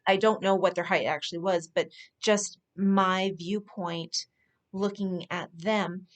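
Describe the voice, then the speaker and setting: A woman speaking as a spiritual speaker, telling personal stories in an earnest, unhurried way with soft laughs. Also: fairly low pitch, fairly even intonation. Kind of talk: personal storytelling monologue.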